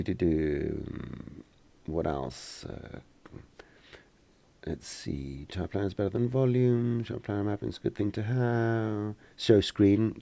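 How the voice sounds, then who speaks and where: Give me a man with a deep voice and a dry close sound, casually fielding questions in a live tutorial stream. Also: dark tone, no room sound. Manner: casual, joking, hesitant with many fillers. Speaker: software instructor.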